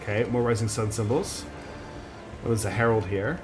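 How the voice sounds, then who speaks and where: A man streaming a video game, chatting casually, thinking out loud and laughing at himself. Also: on the low side, moderate pace, music in the background. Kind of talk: casual let's-play commentary.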